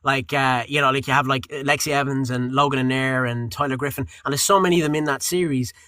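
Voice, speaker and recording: A young Irish man, a voice actor being interviewed, telling stories in a lively way, acting out quotes and swearing casually. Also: mid-range voice, fast talker, no room sound. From Ireland. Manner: animated storyteller, acts out quotes, swears casually. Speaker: guest voice actor.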